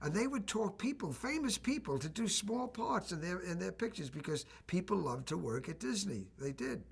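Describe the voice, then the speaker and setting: An older actor reminiscing in an interview, telling anecdotes with a raspy voice. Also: male voice, high voice, lively intonation, moderate pace. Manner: warm anecdotal storytelling with laughs. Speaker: actor recalling a film.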